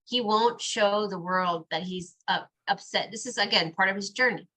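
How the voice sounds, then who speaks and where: A mother talking in a casual podcast conversation, lively, acting out bits of quoted dialogue as she goes. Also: mid-range voice, moderate pace.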